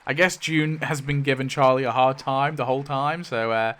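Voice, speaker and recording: A man giving casual, animated commentary as he rewrites a story, thinking aloud, swearing and exclaiming in mock outrage. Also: mid-range voice, moderate pace. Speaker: YouTube creator.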